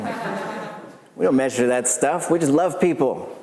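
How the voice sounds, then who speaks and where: A man lectures in a relaxed, chatty way, dropping joking asides and jumping up in pitch now and then. His voice sits at an ordinary middle pitch. The sound carries a long reverb from a lecture hall. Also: moderate pace, pauses often, crowd noise. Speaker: language professor giving a lecture. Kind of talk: casual lecture.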